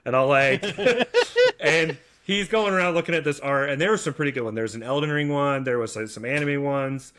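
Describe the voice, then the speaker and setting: A man's voice: mid-range voice, fast, few pauses, fairly bright tone, smooth. A man in his thirties, a podcast co-host, chatting casually and rambling through stories with acted-out quotes. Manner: rambling storyteller, acts out quoted voices. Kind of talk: casual chat.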